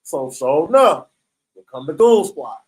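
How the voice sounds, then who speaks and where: A man's voice: a little high, big pitch swings, a little slow, a little mellow, poor audio. A man telling a story in a casual, streetwise way, swearing freely and often checking in with "right?". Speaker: storyteller recounting prison life.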